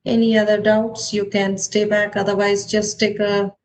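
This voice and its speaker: A woman teaching an online math class, brisk and directive, checking on her students as she goes. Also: medium pitch, little pitch movement, slight background noise, rough recording.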